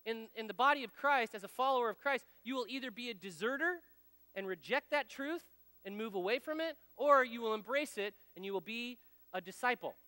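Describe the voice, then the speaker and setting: A man's voice: very high voice, fairly quick, pushed and bright, clear, resonant tone, no echo, in a large hall. A man in his thirties or forties giving a folksy, conversational sermon full of personal stories, speaking straight to his audience. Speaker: speaker at a men's ministry gathering.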